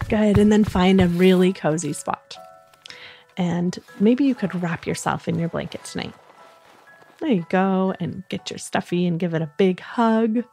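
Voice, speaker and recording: Gentle woman hosting a kids' bedtime show. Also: mid-range voice. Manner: gentle, soothing, encouraging. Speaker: host of a children's podcast. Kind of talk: bedtime guided talk for children.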